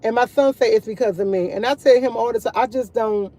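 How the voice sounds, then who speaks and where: A woman's voice: on the high side, a little fast, dark tone. A woman chatting casually to her viewers over morning coffee, rambling and repeating herself as she tells stories. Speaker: vlogger.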